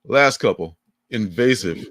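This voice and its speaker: An older man co-hosting a livestream, chatting in a rambling, animated way and laughing often. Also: lowish voice, a little slow, no echo, studio quality. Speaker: livestream co-host. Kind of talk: casual chat.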